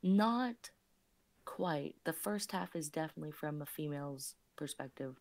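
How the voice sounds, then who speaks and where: A woman co-hosting a casual live stream, soft-spoken and quick to laugh. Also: deep voice, animated, no room sound. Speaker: co-host and story reader.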